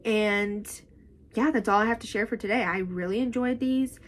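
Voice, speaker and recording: A young woman chatting casually about books in a vlog, animated and full of "like". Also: medium pitch, normal speed. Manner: chatty and animated, with frequent "like" and "y'all". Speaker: book vlogger. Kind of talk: casual book review chat.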